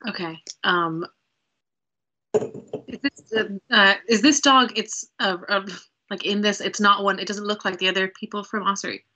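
A woman's voice: mid-range voice, moderate pace, bright, forceful tone, poor audio. A woman playing a tabletop game, hesitant, with many fillers. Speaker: player. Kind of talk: casual tabletop play.

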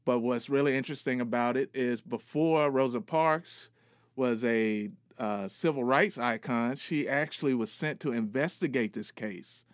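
A man with a New York accent talks through a book pick in a casual podcast segment. His voice is smooth and resonant, close and dry, his tone earnest and loose with fillers. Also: medium pitch, unhurried, no room sound. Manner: relaxed, earnest, with many fillers. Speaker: podcast co-host giving book recommendations.

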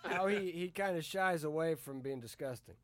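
A man co-hosting a podcast, teasing his friends with lots of fillers and pauses. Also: on the high side. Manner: teasing, hesitant with many fillers. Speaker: podcast co-host. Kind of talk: crude casual banter.

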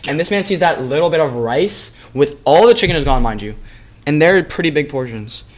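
A young man co-hosting a podcast, loud and heated, insisting and repeating his points in casual banter. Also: on the high side, expressive, a little fast. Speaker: podcast co-host.

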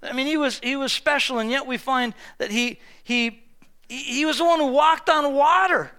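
An older man preaching a lively sermon, telling stories with acted-out voices and humor, often restarting and repeating words. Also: very high-pitched, normal speed. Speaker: pastor.

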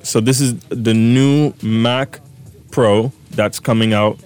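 A man's voice: medium pitch, fairly even intonation, takes it slowly, darkish tone, smooth. A young man co-hosting a podcast, chatting casually with a joking, slangy manner and explaining things at length. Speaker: podcast co-host. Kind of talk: casual chat.

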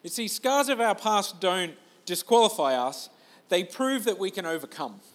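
A man gives a sermon in a loose, chatty way. His voice sits high for a man, and he pokes fun at himself as he goes. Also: animated, normal speed. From Australia. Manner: conversational, self-deprecating, with restarts. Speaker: pastor.

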